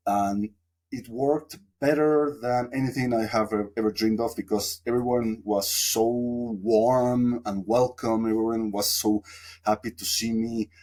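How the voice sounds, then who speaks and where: A man's voice: on the low side, fairly even intonation, unhurried, a little mellow. A man from Mexico, a podcast guest telling a long, reflective story with lots of fillers. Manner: reflective, rambling with many fillers. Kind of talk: casual storytelling interview.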